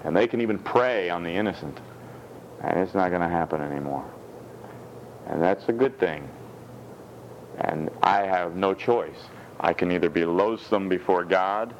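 A man preaching a sermon as a pastor, moving from lively storytelling with acted-out doctor and patient voices to measured, emphatic reading of scripture in a church hall. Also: low-pitched, slight background noise. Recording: dull lo-fi sound with faint room ambience.

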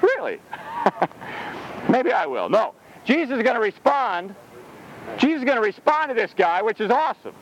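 Man, street preacher, very high voice, lively swings, faint traffic behind. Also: moderate pace, long pauses, poor audio. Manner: animated, rhetorical, laughs between points. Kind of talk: preaching sermon.

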